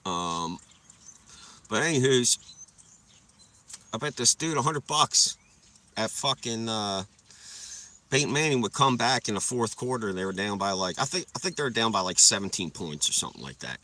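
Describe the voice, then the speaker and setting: A man's voice: lowish voice, expressive, normal speed, long pauses, bright, forceful tone. A young man livestreaming, telling rambling stories full of swearing and laughing at them as he goes. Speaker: livestreamer chatting with viewers. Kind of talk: casual storytelling.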